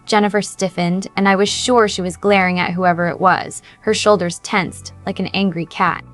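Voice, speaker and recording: A woman narrates a first-person story in a steady, even read. Her voice sits in a middle register, and faint music plays underneath. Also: medium pitch, moderate pace.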